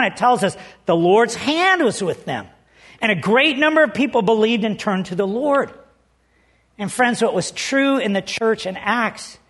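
A man's voice: sits high, fairly bright tone. A man preaching a sermon as pastor, telling stories in an earnest, conversational way.

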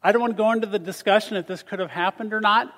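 A man preaching a sermon as a pastor, animated, swinging between loud emphasis and soft asides. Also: high-pitched, rapid-fire. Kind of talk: sermon with scripture reading. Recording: long reverb of a large hall.

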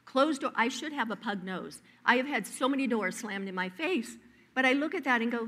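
A woman preaching a sermon, telling personal stories in a lively, emphatic way. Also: fairly high pitch, fairly quick.

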